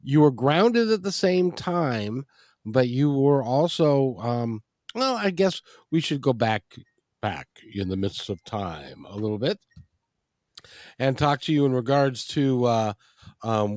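A man's voice: mid-range voice, darkish tone, no echo, studio quality. A man hosting a radio talk show, chatting loosely with many restarts and fillers. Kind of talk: casual interview.

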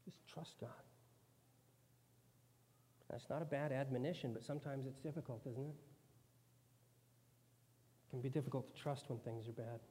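A man's voice: mid-range voice, fairly even intonation, fairly quick, pauses often, mellow, husky. A man preaching a sermon in a conversational way, now and then acting out quoted voices. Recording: long hall reverb.

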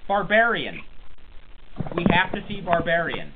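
A man's voice: on the high side, very animated, normal speed. Guy hosting a podcast, jokey and rambly, bouncy voice, sounds like it's over a phone. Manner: rambling, joking, self-deprecating. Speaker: podcast host. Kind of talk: casual chat. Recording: tinny phone-like audio with faint hiss.

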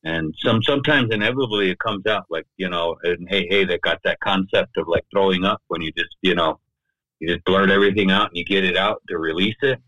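A man's voice: deep voice, fairly quick, pushed and bright, no room sound, lo-fi sound. A man, a podcast guest, tells a personal story in loose, talky speech, often leaning on "you know" and "right?". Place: podcast studio.

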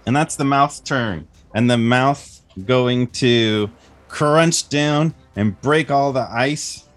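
A man's voice: mid-range voice, slow pace, faint music behind. A man narrating as game master in a casual, friendly way, with frequent fillers. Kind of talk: narrating a family tabletop game.

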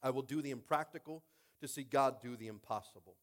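A man's voice: medium pitch, fairly quick. A pastor preaching a sermon, reading verses aloud and calling out to his congregation. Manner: animated, calls out to the congregation; reads scripture verses aloud.

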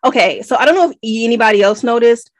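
An American woman co-hosting a casual book-club podcast, animated and nitpicky with lots of rambling asides. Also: on the high side, fast, no room sound. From United States. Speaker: podcast co-host.

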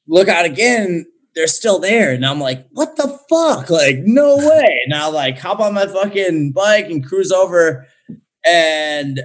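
A young man telling a story in casual chat, swearing a lot and talking in an animated way. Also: mid-range voice. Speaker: guest.

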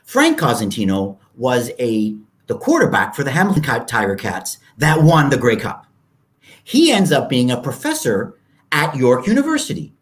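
Telling stories as a guest on a podcast interview, a man in his fifties voices the people he quotes loudly, as if acting them out. He speaks at normal speed in a mid-range voice with huge pitch swings.

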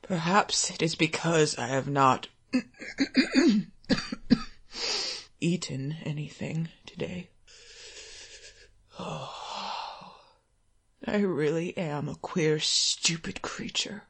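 A woman's voice: slow pace, gravelly, long pauses, fairly bright tone, slightly rough, full character voice. A woman voicing a poor, hungry father who is ill and ashamed, speaking in a hollow, shaking voice. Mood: weary muttering. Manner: low, muttering and subdued.

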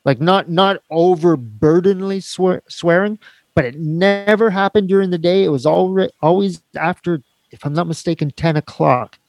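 A man's voice: high voice, moderate pace, soft background music. A man from Canada, a podcast host chatting casually, who apologizes and often interrupts. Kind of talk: casual chat.

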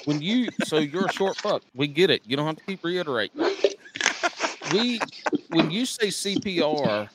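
A man's voice: fairly high pitch, big pitch swings, moderate pace, heavy background noise. A man co-hosting a podcast, ribbing his guest with crude, profane banter. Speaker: podcast co-host.

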